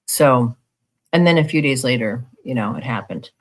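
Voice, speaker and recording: A podcast co-host in casual conversation, talking haltingly with constant "like" and "you know what I mean". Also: mid-range voice, expressive.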